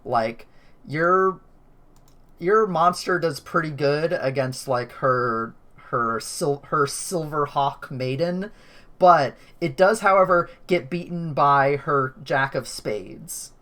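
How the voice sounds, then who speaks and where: A woman's voice: sits low, slow pace, fairly bright tone. A woman running a tabletop game over an online call, thinking aloud and rambling with lots of fillers. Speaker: game master.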